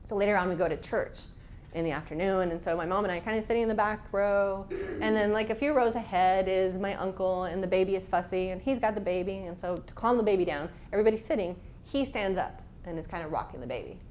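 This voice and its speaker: A woman's voice: mid-range voice, quick pace, darkish tone, a little hiss or hum. A woman instructor leading a class, talking frankly and casually, with personal stories. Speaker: workshop instructor.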